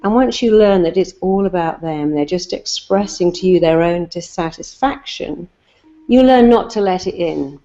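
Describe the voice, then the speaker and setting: A woman's voice: on the low side, animated, moderate pace, dark tone, lo-fi sound. A woman, a therapist, giving emphatic motivational advice and telling stories with lots of repetition. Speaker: therapist guest.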